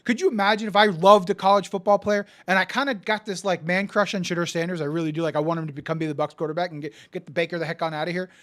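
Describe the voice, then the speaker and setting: A man co-hosting a casual sports betting chat, excitable and profane, often stammering and restarting, swinging from yelling to muttering. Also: sits high, racing, few pauses. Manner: die-hard team fan, swings from yelling to muttering. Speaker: podcast co-host.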